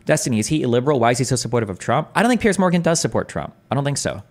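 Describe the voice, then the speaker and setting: Fast-talking man hosting a stream. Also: medium pitch, very animated. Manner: quick, restless, hedging and questioning. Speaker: streamer host. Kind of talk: casual livestream debate chat.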